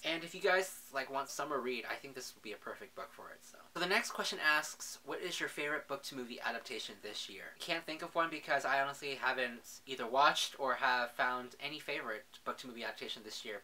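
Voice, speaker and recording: A man's voice: mid-range voice, pushed and bright. A young man in a casual book vlog, talking in a chatty, gushing way and often saying "literally". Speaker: book vlogger.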